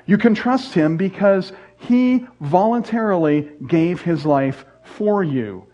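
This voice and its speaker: A man's voice: high-pitched, expressive, takes it slowly, warm tone. A middle-aged man preaching a sermon as a pastor, earnest and repetitive in his emphasis, with joking asides. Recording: dull lo-fi sound.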